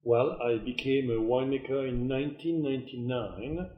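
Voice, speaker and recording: A middle-aged man speaking English with a strong southern French accent. He talks slowly and hesitantly, and his sentences often trail off softly. His voice sits at an ordinary pitch in a roomy, echoing space. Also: phone-quality sound. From southern France. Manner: unhurried, hesitant with many ums, soft trailing endings. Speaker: guest wine consultant. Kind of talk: casual podcast interview.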